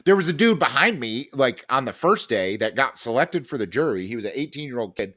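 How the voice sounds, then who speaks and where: A man's voice: mid-range voice, big pitch swings, a little fast, bright, forceful tone. A man co-hosting a podcast, telling a story in casual chat, full of fillers, restarts and swearing. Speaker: podcast co-host.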